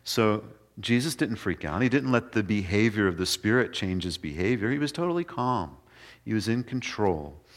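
Earnest low-voiced male preacher. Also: lively intonation, moderate pace. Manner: earnest, swings between soft and emphatic. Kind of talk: sermon.

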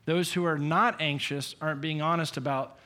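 A man preaching a conversational sermon, telling personal stories in an animated way and chuckling as he goes. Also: on the high side, normal speed. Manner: storytelling, animated, chuckling often. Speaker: pastor.

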